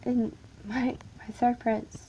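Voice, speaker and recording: A woman narrating a first-person horror story in a halting, frightened way, stammering and often dropping to a whisper. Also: a little high, little pitch movement, mellow, highs cut off, slight background noise.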